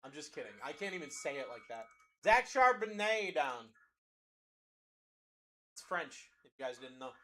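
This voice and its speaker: A man hosting a live card-break stream. He talks to chat in fast, hyped sales patter and calls out players as spots sell. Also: mid-range voice, sharp tone, slight background noise. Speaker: card break livestream host.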